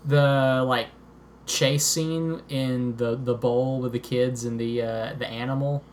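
A man co-hosting a podcast, chatting easily about a movie with a playful streak and frequent chuckles. His voice sits at an ordinary middle pitch. A faint hiss lies in the background. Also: fairly even intonation, takes it slowly. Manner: easygoing, chuckling, playful guesses. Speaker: podcast co-host. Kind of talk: casual movie-review chat.

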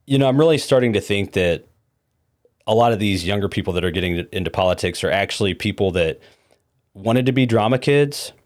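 A man's voice: on the low side, lively intonation, fairly quick. A man hosting a podcast with opinionated, dismissive commentary. He often stumbles over repeated words and fillers. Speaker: podcast host.

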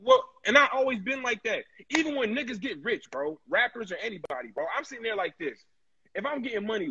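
A man's voice: high voice, sharp tone, husky. A man co-hosting a casual podcast chat, blunt and profane, ranting his opinions. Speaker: podcast co-host. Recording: dull lo-fi recording.

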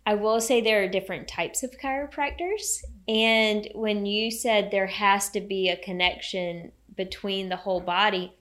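A woman's voice: medium pitch, moderate pace, hardly any pauses, a bit bright. A woman co-hosting a podcast, talking in a casual, encouraging way about health and hope. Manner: enthusiastic, encouraging, faith-tinged. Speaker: podcast co-host.

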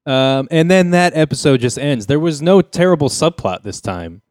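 A man hosting a casual podcast chat, retelling a TV episode with jokes and quick impressions of the characters. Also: fairly high pitch, lively intonation, a little mellow, no room sound, studio quality. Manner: joking storyteller, mimics characters' lines. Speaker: podcast host recapping a sitcom episode.

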